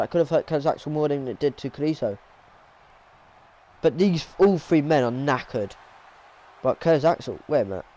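A young man giving excitable play-by-play commentary on a wrestling video game, repeating his calls and tripping over his words. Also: fairly high pitch, rough recording.

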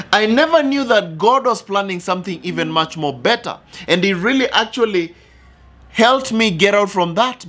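A man's voice: high-pitched, fairly bright tone. A man preaching a sermon in an earnest, repetitive way, weaving in his own testimony.

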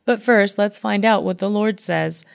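A woman's voice: medium pitch, measured pace, gravelly, no echo, studio quality. A woman voicing Jehoshaphat, an earnest and devout male king, in a Bible reading with light emphasis.

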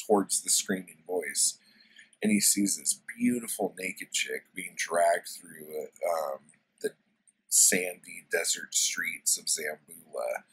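Laid-back book reviewer, low husky voice, unhurried, loose and profane. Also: male voice, a bit bright, low-quality recording. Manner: loose, profane, lots of fillers and likes. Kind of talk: casual story retelling.

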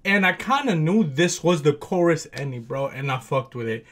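A man casually reacting to a music video, excitable and slangy, with a groggy morning voice. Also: a little high, normal speed. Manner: excitable, slangy, peppered with "bro" and "gassed".

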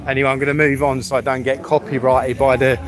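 A man's voice: medium pitch, little pitch movement, quick pace, soft background music. A man live-streaming from a public street, talking bluntly and swearing as he rambles through a rant.

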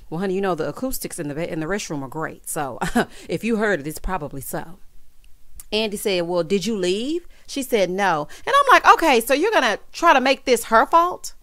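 A woman with a mid-range voice, recorded dry with clean studio sound, offers casual commentary recapping a TV episode. Her sass shows as she calls the listener child and honey and quotes the characters by imitating them.

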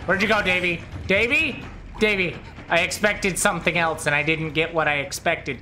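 A young man giving excitable, trash-talking gameplay commentary, swearing freely as he plays. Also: high-pitched, moderate pace, slight background noise. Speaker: gaming video creator.

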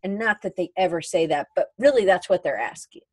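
A woman's voice: fairly low pitch, animated, fairly quick, darkish tone, breathy edge, dry recording. A woman hosting a podcast interview, chatting casually and reading out listener questions. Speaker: podcast host.

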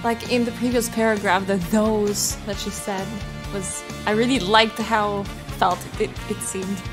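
A woman vocal coach doing a reaction video, enthusiastic and quick to laugh, at times moved nearly to tears by the performance. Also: mid-range voice, steady tone. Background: faint music of the performance being reacted to.

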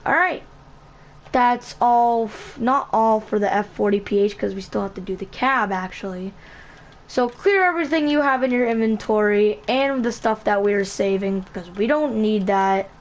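A woman hosting a casual game building tutorial, talking in a halting way, correcting herself and repeating item names as she goes. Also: mid-range voice. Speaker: channel host.

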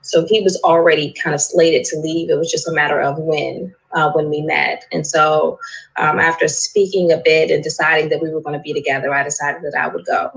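Low-voiced woman, measured and unhurried. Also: steady tone, vocal fry, low-quality recording. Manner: measured, with frequent fillers. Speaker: panelist. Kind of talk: casual panel discussion.

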